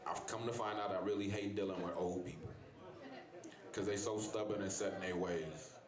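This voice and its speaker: A man's voice: low voice, fairly even intonation, moderate pace. A man performing a stand-up set, telling loose, profane stories and talking back to the crowd. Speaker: stand-up comedian. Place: bar comedy stage. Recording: echoey club with loud crowd. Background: crowd laughing.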